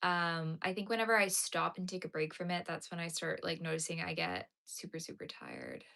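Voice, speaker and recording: A woman's voice: lowish voice, big pitch swings, fairly quick, creaky, pushed and bright. A tired woman chatting casually with her live-stream viewers from home. She rambles with many fillers and keeps yawning. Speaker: crochet streamer. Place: home, talking to a live chat.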